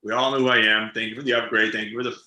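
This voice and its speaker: A man, an actor and interview guest, chatting casually and telling animated stories, laughing often and repeating words as he goes. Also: on the low side, very fast. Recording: roomy echoey room sound.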